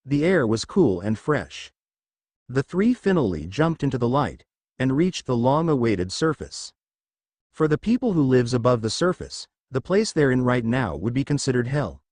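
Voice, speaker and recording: Man reading fan fiction, lively pitch. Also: dry recording. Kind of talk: casual storybook narration.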